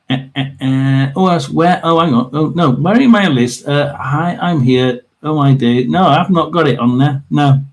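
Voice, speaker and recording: A man hosting a live tarot stream in an easygoing, meandering way. His pitch sits mid-range, and he keeps pausing to clear his throat and fill gaps with "um" and "uh" while chatting to the viewers watching. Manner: rambling, chatty, many fillers and throat clearing. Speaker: tarot reader and livestream host. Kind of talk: casual livestream tarot reading.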